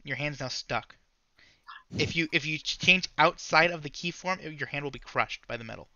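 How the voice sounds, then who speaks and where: A man narrating as game master of a tabletop game, casual and halting with fillers. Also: fairly high pitch, pushed and bright, dry recording, lo-fi sound.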